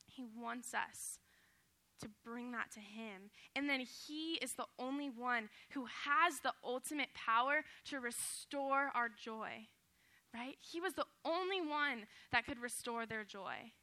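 A young woman with a high, very bright voice shares a personal testimony in sermon form. She speaks earnestly and from the heart, in a casual way full of fillers. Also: slow.

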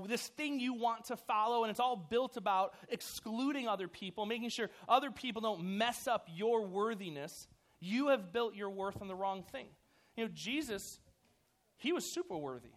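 A man preaching a casual, animated sermon to a youth group, full of "like" and "you know". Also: high-pitched, brisk. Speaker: youth pastor.

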